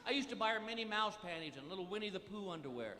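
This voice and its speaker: A middle-aged man doing a live stand-up routine, telling exasperated family stories broken by high yelping outbursts. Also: animated, rapid-fire, slight background noise. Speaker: stand-up comedian. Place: large theater stage before a live audience. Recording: echoey hall, loud audience laughter. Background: loud crowd laughter and applause.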